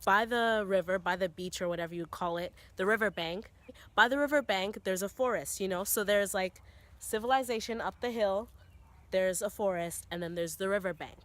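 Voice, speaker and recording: A young Canadian woman, a vlogger, tells a story outdoors in a forest, filmed on a tripod-mounted camera. Her medium-pitched voice moves at a moderate pace with no room sound. She's chatty and animated, loading her speech with "you know" and "like," and her voice rises as the story builds.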